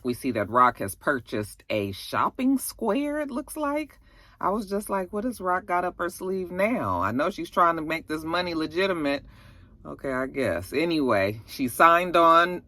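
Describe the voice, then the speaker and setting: A woman reviewing a TV episode in a casual, chatty recap, acting out the characters' lines as she goes. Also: extremely low pitch. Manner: chatty, animated retelling with acted-out quotes. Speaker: TV review vlogger.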